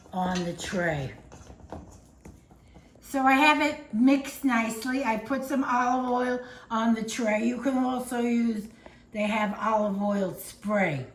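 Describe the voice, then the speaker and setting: Woman, home cook, slow unhurried talk, chatty step-by-step, echoey kitchen, faint room hum. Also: medium pitch. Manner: chatty, talks through each step. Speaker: home cooking channel host. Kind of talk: casual cooking demonstration.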